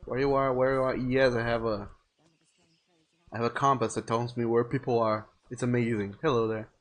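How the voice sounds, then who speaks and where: A young man livestreams a video game, chatting casually and rambling as he goes. His voice sits at an average pitch, and he keeps reading viewers' messages aloud. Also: level tone, normal speed. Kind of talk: casual gaming commentary.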